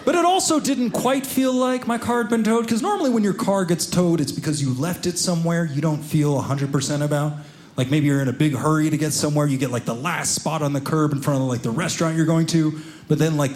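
A man performing a stand-up comedy routine, telling stories with animated delivery and acting out other people's voices. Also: sits high, fairly quick, slight background noise. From Seattle area.

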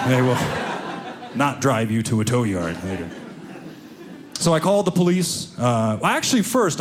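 A man performing a stand-up comedy routine, telling stories with animated delivery and acting out other people's voices. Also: mid-range voice, background noise. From Seattle area.

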